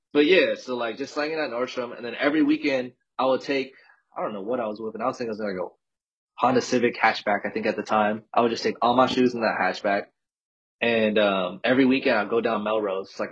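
A man's voice: fairly low pitch, slightly rough. A man in his thirties from California, a podcast guest telling his story in a loose, slangy way full of "like". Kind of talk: casual storytelling chat. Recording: dull lo-fi recording.

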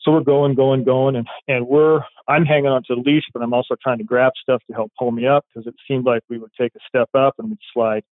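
A man's voice: medium pitch, level tone, a little fast, hardly any pauses, no echo. Man telling a story over a tinny line. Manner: rambling, acts out quoted dialogue. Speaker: police K9 handler. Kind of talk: casual storytelling. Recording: tinny phone-like line, dry.

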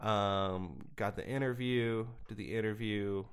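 A man's voice: on the low side, steady tone, a little slow, slight background noise. A young man talking as a podcast guest in a casual chat, rambling and self-deprecating, laughing often and filling his sentences with ums and likes.

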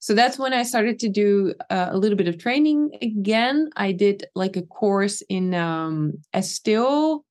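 A woman's voice: medium pitch, animated, measured pace, few pauses, a little mellow. Dutch lady singer chatting in an interview, loose and rambly, lots of "like" and "um". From Netherlands. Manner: rambling, many fillers and restarts. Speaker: singer guest. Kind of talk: casual interview chat.

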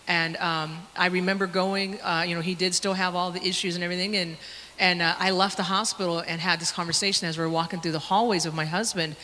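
A young woman sharing a personal testimony in a Sunday school class, halting and emotional, with many fillers. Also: fairly low pitch, flat delivery, sharp tone. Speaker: church member sharing a testimony. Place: church classroom. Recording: long hall reverb with faint noise.

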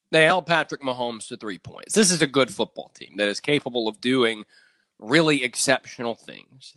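Male sports co-host with a forceful, bright voice and a dry, close sound. Confident and animated. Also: medium pitch, no room sound. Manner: animated, confident opinions, reads ad copy smoothly. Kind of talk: live-streamed sports talk.

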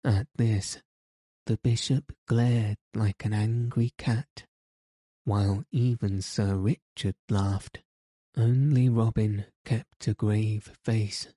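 Male audiobook narrator, low and even, deliberate reading, dry close sound. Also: dry recording. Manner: measured, deliberate storytelling.

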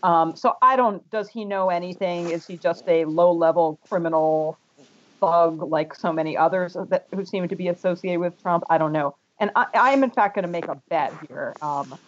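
A man's voice: on the high side, moderate pace. A man from France, a panel guest making wry, argumentative points in a political discussion, with frequent hesitant restarts. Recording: dull lo-fi audio.

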